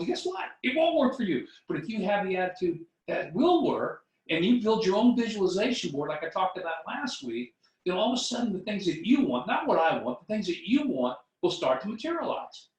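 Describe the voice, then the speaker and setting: A middle-aged man tells a motivational story and acts out both sides of the conversation. He sits back from the mic, and the room gives his voice a hollow echo. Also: on the high side. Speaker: motivational speaker. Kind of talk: storytelling talk on building wealth. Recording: echoey room from a distance.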